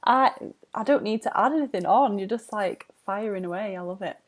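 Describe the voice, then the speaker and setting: A woman's voice: mid-range voice, normal speed. A woman hosting a podcast interview, agreeing with her guest and asking follow-up questions. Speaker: podcast host.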